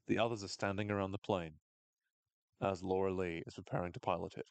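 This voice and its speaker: A man casually recapping a TV episode on a podcast, animated, sweary and wry. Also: low-pitched, brisk, gravelly, clear, resonant tone, no room sound.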